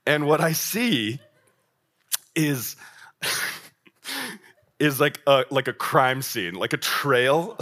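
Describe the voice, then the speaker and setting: A man's voice: mid-range voice, bright, forceful tone. A young man preaching to young adults in a loose, chatty way, telling a story with lots of "like" and "um". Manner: casual, filler-heavy with frequent "like". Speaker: young adult ministry speaker. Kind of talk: sermon storytelling.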